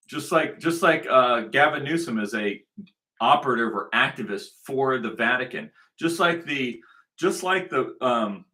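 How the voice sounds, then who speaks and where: An online commentator, a man with a medium-pitched, sharp-toned voice, gives a combative monologue. He repeats himself and hammers each point home with heavy emphasis.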